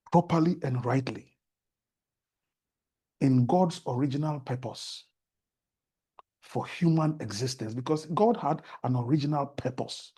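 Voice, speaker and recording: A man's voice: mid-range voice, dark tone, husky. A man with a Ghanaian accent, a guest on a talk show, telling stories and preaching about faith in an earnest, sermon-like way.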